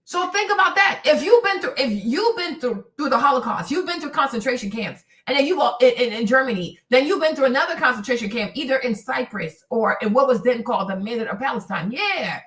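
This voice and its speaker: A woman's voice: high voice, expressive, brisk, few pauses, a bit bright, roomy sound, far from the mic. A woman hosting a livestream, talking in an impassioned, rambling and profane way. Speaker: host. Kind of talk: livestream commentary.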